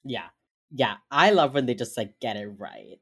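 Casual podcast co-host, a woman with a very deep voice, acting out scenes as she recaps them. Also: moderate pace, slightly rough. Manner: animated retelling, acting out characters' lines, laughs often. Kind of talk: casual chat.

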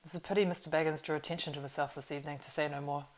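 A woman puts on a stout, fussy male innkeeper in a storybook reading. He talks loud and rambling, always flustered, with his voice pushed up high and bright. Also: fairly even intonation, racing, close to an everyday voice. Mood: fussing. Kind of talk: audiobook reading.

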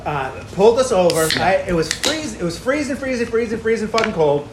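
A man's voice: high-pitched, animated, a little fast. A man from Massachusetts telling an angry, profane story in casual chat among friends. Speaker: podcast co-host. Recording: echoey room, faint noise.

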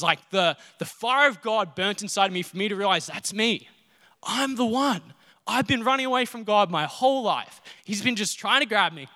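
A man's voice: high voice, pushed and bright. Earnest male preacher in a reverberant hall. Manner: earnest, personal storytelling with restarts. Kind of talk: sermon.

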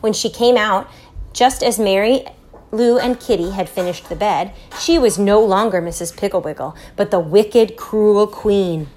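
A woman's voice: medium pitch, a little slow. Woman reading a storybook aloud. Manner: lively, expressive read-aloud. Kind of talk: reading a children's book aloud.

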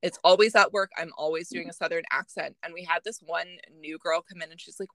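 A woman's voice: lowish voice, fast talker, few pauses, noisy background. A young woman co-hosting a podcast in casual chat, laughing often and talking with many fillers. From Canada. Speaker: podcast co-host.

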